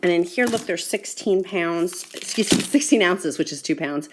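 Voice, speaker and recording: A woman vlogger chatting casually at home through an unboxing, gushing and excitable as she talks. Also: fairly low pitch, moderate pace. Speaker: product review vlogger. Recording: echoey room with background noise.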